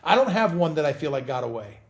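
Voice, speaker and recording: A middle-aged man chatting as an interview guest, telling animated stories and often repeating words as he talks. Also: on the high side, quick pace. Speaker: guest actor. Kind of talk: casual interview chat.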